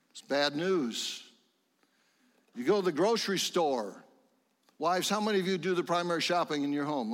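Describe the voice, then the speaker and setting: A middle-aged man preaching a sermon in a church sanctuary, fervent and rising to excited exclamations. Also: fairly high pitch, long reverb tail. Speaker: pastor.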